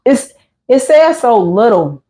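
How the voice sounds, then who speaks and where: A woman's voice: on the high side, slow pace. Chatty woman livestream host telling stories. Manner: chatty storytelling with lively voiced asides. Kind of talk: casual chat reading live comments.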